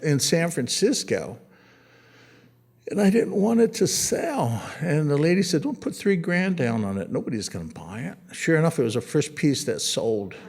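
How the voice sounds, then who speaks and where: A middle-aged man from the United States, an artist talking casually at an art museum about his photographs, rambling and anecdotal, with frequent restarts and a joking tone. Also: on the high side. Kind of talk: casual gallery talk.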